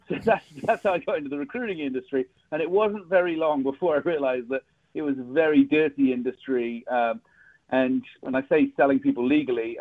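British man, storytelling guest, chatty, laughs a lot, tinny phone-like sound. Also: medium pitch. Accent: British English. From England. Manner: chatty, laughs often, many restarts. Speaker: guest, recruiting firm CEO. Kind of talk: podcast interview storytelling. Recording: phone-like narrow line.

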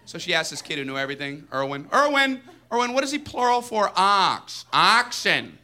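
A man's voice: sits high, very animated, normal speed, bright, forceful tone, full character voice. A man doing a goofy stand-up schoolboy bit.

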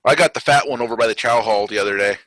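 A man joining a casual online chat with quick, joking interjections. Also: lowish voice, fairly bright tone, no room sound.

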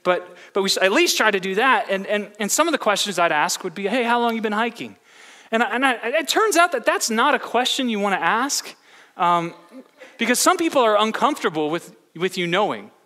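A man's voice: high voice, sing-song, fairly quick, sharp tone. A man preaching a sermon as pastor, telling a story with many restarts and repeated words. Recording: long hall reverb.

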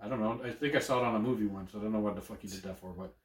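A man co-hosting a casual chat, excitable and profane, laughing often. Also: fairly low pitch, roomy sound. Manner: animated, swears a lot, quick to laugh. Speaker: podcast co-host.

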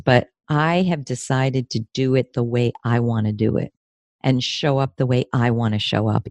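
Emotional woman in her fifties, dry sound. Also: dry recording. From New York State, USA. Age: 50s. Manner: emotional, expressive, pitch rises when moved. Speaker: guest, therapist and career coach. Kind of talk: candid interview conversation.

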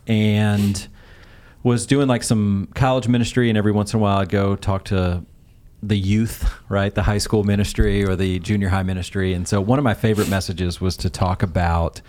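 A man with a lowish voice hosts a relaxed podcast from the studio. He tells stories with lots of energy, and his voice jumps up when he acts out the people he quotes. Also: moderate pace. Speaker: podcast co-host. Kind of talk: casual podcast chat.

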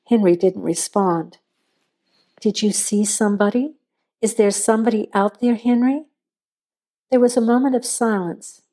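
A woman narrating a suspense story in a measured, suspenseful reading. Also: mid-range voice, warm tone.

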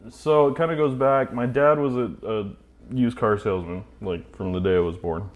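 A man's voice: mid-range voice, fairly even intonation, moderate pace. A man from Idaho, a podcast guest, answering in an easygoing way with 'kinda' and 'uh'. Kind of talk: casual interview answers.

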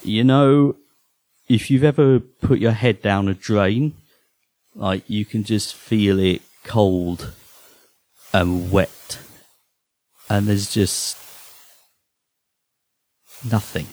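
A man performing a first-person horror story live on a theatre stage, halting and often repeating his words. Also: fairly low pitch, a little mellow, dry recording.

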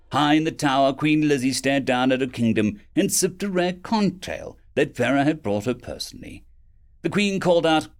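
An audiobook narrator of medium pitch reads a fantasy web novel aloud, expressive and quick to shift into character voices.

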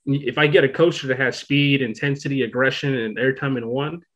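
A man hosting a podcast in casual chat, talking in an excitable, rambling way, full of "like" and "you know.". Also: medium pitch, fairly quick. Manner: rambling, excitable, many fillers. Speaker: podcast host.

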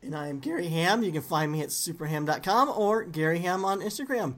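A man hosting a casual podcast chat about toys, playful and quick to laugh. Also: fairly high pitch, lively intonation, fairly bright tone. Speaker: podcast host.

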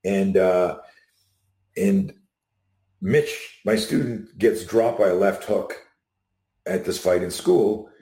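A middle-aged man, a self-defense instructor guesting on a video call, telling animated stories and acting out the people he quotes. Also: low voice, takes it slowly, pauses often. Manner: animated anecdotes, acts out quotes. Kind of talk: storytelling in an interview. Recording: echoey room.

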